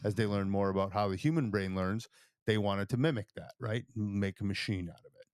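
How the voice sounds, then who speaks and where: A man's voice: lowish voice, brisk, darkish tone, clean tone, no room sound, studio quality. A man co-hosting a podcast, chatting and explaining history at length, often checking in with "right?". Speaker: podcast co-host. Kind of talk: casual chat.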